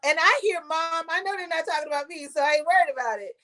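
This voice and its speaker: A woman hosting a casual video-call conversation, chatty and animated as she tells stories. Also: sits high, very fast, noisy background. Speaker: host.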